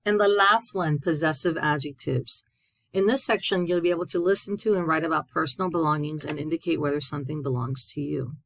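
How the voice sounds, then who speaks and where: A woman with a low, dark-leaning voice walks students through a Spanish grammar lesson. She reads each example aloud, then translates it patiently. The sound is dry and close, with no room echo. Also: steady tone, a little fast, creaky. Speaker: Spanish teacher. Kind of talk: recorded classroom lesson.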